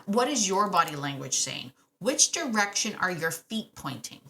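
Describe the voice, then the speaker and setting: Bright, animated woman dog trainer. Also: fairly low pitch, moderate pace. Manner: animated, emphatic, repeats key points, laughs often. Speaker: dog trainer podcast host. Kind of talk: casual solo podcast advice.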